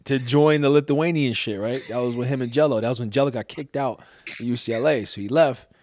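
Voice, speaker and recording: A man's voice: medium pitch, fairly quick, darkish tone, no room sound, clean studio sound. A man co-hosting a casual talk show, rambling in profane slang. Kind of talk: casual chat.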